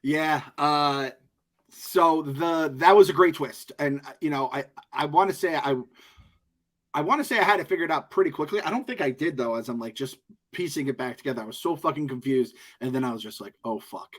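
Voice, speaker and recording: Slightly high-voiced male podcast co-host. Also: brisk. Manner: loose, musing, swears casually. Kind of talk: casual movie review chat.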